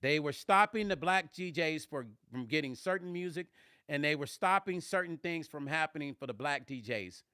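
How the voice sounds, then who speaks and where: A man's voice: fairly high pitch, lively intonation, normal speed, sharp tone, clean tone, no room sound, studio quality. A man who is a musician, chatting on a live stream, answering viewers' comments in a blunt, emphatic way. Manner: emphatic, blunt, swears when riled. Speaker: musician and vlogger.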